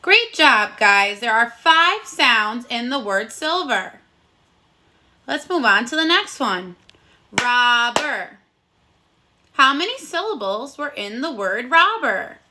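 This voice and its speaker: A woman leads a phonics lesson for young children in a high, bright voice. She speaks slowly and clearly, sounding out words one by one. Her tone stays encouraging throughout. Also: big pitch swings. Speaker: first grade teacher.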